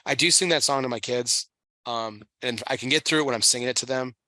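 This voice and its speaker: Male podcast host, 30s, bright forceful tone, dry close sound; emotional and profane. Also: mid-range voice, dry recording. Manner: emotional, swearing, halting restarts. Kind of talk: casual chat.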